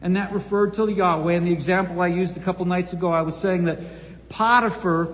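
A man's voice: sits high, steady tone, a little fast, a bit bright, echoey room, long reverb tail. A man preaching and teaching from the Bible, quoting scripture with dramatic emphasis. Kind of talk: Bible teaching at a church event.

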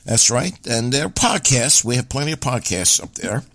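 A man's voice: medium pitch, big pitch swings, moderate pace, a bit bright, dry recording. A man hosting a radio show, chatting in a rambling, jokey way. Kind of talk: casual radio chat.

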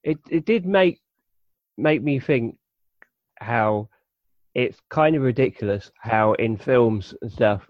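Male podcast co-host, halting delivery, dull lo-fi mic. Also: medium pitch, expressive, dry recording. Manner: halting, searches for words. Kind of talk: casual podcast chat.

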